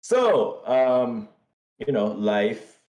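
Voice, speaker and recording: A young adult man co-hosting a casual podcast, telling stories in an animated, self-mocking way. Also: mid-range voice, very slow. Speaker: co-host.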